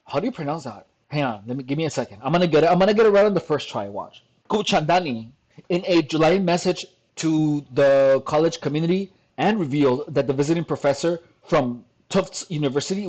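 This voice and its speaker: Reading an article aloud from his home desk, a commentary vlogger reacts casually at his computer. He has a fairly high-pitched, darkish voice, laughs often, and stumbles when he reaches long words.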